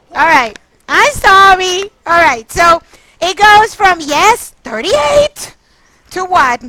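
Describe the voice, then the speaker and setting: Her voice sits high, pushed and bright, as this math teacher quizzes her class and coaxes out answers. She grows exasperated before apologizing. The audio is rough.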